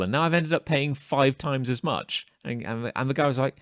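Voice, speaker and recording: A man's voice: medium pitch, a little fast, fairly bright tone, smooth, dry recording, studio quality. A man co-hosting a casual podcast chat, telling a story animatedly, acting out the quoted exchanges and stumbling over restarts as he builds it up. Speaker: podcast co-host.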